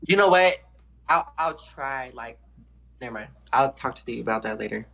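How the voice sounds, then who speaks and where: A woman's voice: extremely low pitch, animated, normal speed, gravelly, a bit bright. A woman in her twenties guesting on a casual stream chat, sassy, playful and blunt. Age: 20s.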